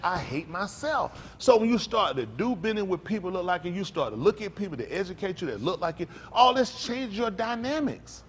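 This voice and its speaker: A pastor preaches in an emphatic way, his high voice swinging widely. He drops low and quiet, then builds up to loud outbursts. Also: slight background noise. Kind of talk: animated preaching talk.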